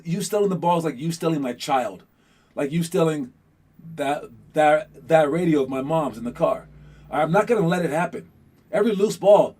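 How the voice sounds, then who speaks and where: A man hosting a casual motivational talk on a podcast, rambling and animated with lots of fillers, who grew up in Los Angeles. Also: fairly high pitch, breathy edge. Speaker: podcast host.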